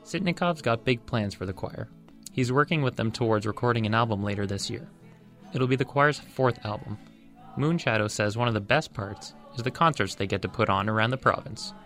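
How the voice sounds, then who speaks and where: A male radio reporter reading a scripted community news piece in a measured, even delivery. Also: mid-range voice, faint music behind.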